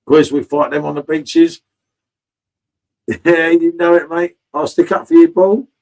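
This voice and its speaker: A man's voice: fairly high pitch, fairly even intonation, measured pace, vocal fry, darkish tone, low-quality recording. A man in casual live-stream chat from a home bar, chatty and swearing freely, calling everyone mate.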